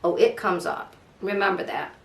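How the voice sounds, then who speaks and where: A woman's voice: medium pitch, normal speed, a little hiss or hum. A woman hosting a casual true crime podcast, sarcastic and fired up, mocking and swearing as she talks. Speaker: podcast host. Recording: echoey room.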